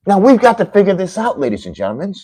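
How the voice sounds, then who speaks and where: A man's voice: sits high, huge pitch swings, fast, dark tone, slightly rough, no echo, low-quality recording. Heated, lecturing man ranting to viewers. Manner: heated, lecturing, repeats "listen" and addresses viewers directly. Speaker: livestream political commentator. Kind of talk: impassioned political rant to a live audience.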